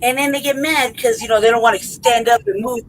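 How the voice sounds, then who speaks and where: A woman podcast host laughs through a rambling, profane story in casual chat, checking in over and over with "right?" and "you know what I mean?" Her voice is fairly high and her pace quick, on a rough recording with a little hiss or hum.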